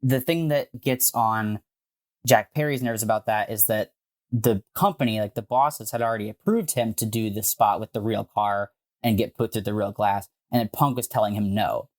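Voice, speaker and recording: A man co-hosting a podcast, telling a story in a casual, animated way with frequent swearing and filler words. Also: lowish voice, moderate pace. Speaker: podcast co-host.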